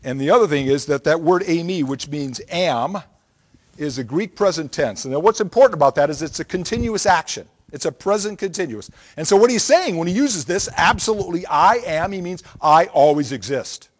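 A man's voice: a little high, expressive, fairly quick. A man preaching a Bible lesson, explaining scripture in an emphatic, teacherly way and often checking in with the listeners.

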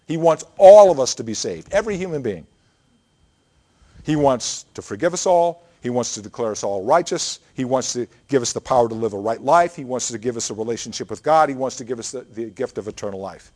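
Man, pastor, sermon, emphatic, repetitive phrasing, mid pitch. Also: lively intonation, fairly quick, warm tone. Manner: earnest, emphatic preaching with repeated phrases.

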